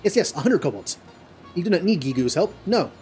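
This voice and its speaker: A man's voice: high voice, very animated, darkish tone, faint music behind, pitched above the performer's own voice. A man reading as a whimpering kobold. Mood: fearful. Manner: halting reading with stumbles. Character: cowering, whining male kobold who repeats himself.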